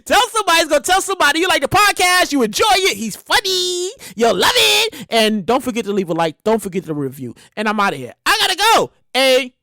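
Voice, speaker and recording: A woman hosting a casual solo podcast, loud, profane and laughing often. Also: high-pitched, very animated, fairly quick, few pauses, no room sound, studio quality. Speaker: podcast host.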